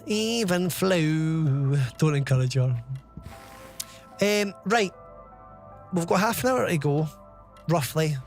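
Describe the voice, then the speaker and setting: A man's voice: a little high, animated, takes it slowly, pauses often, faint music behind. A man chatting casually on a game live stream, rambling and laughing often.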